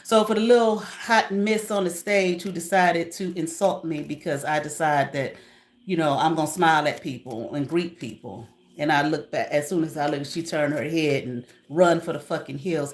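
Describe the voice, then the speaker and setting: A woman content creator chatting to her live viewers about her days as a substitute teacher. Her voice sits a little low, and she tells stories with animated, profane asides and frequent laughter. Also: moderate pace. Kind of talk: casual storytelling to a live audience.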